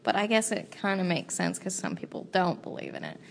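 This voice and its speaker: Young woman, podcast co-host, casual chat, gravelly, lowish voice, animated storyteller. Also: brisk, slight background noise. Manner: animated storytelling with quoted dialogue and swearing.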